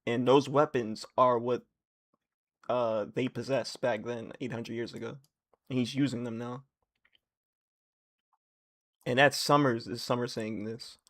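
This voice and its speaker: A young man on a live stream reacting as he reads. He swings from low muttering to loud, surprised outbursts and often repeats phrases. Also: steady tone, unhurried, pauses often.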